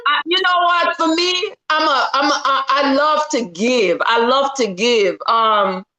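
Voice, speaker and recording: A woman with a Jamaican accent chatting on a video call, playful and teasing, often loud and animated. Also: sits high, slow, rough recording. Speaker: party guest. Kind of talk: casual chat.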